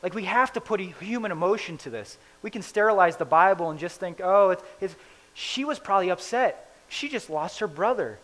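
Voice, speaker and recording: A man preaching a conversational sermon, retelling a scripture story in casual, animated paraphrase. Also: sits high, fairly quick, low-quality recording.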